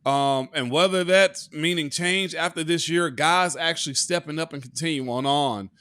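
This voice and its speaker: A man's voice: on the high side, normal speed, sharp tone, smooth, no room sound. A man co-hosting a sports podcast, talking casually and emphatically with rhetorical questions. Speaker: former football lineman, co-host.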